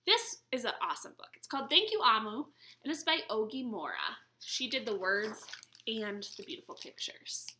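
An American woman librarian in her young adult years reading a story at baby storytime, sing-song and animated. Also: on the high side, moderate pace. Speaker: children's librarian. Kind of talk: baby storytime read-aloud.

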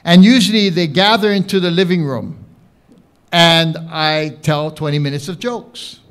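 A man with a Hawaiian Pidgin accent doing live stand-up comedy, telling an animated story with audience banter. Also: on the high side, unhurried, clear, resonant tone. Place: live showroom stage with audience. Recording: echoey room, crowd laughter, background noise.

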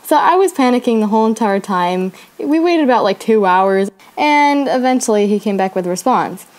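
A woman's voice: on the high side, animated, normal speed, darkish tone. A teenage girl casually telling a personal story, chatty and acting out the lines of the people in it. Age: teens. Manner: chatty, acts out her own and her friend's lines.

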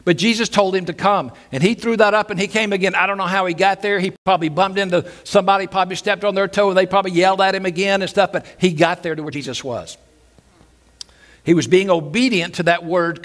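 A male pastor preaching a sermon in a church, animated and repeating his phrases, now and then acting out loud shouted quotes. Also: high-pitched, fast talker. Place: church sanctuary.

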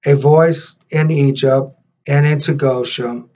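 A man, a minister and host, leading prayer and reading scripture in a halting way, repeating words with many fillers. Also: medium pitch, steady tone. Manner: reads scripture slower and louder. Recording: dull lo-fi recording.

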